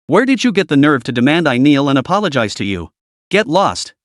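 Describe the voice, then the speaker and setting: A man's voice: a little high, big pitch swings, fairly quick, no room sound, clean studio sound. A man playing a cold, confident young man who speaks in icy, curt threats in a storybook reading.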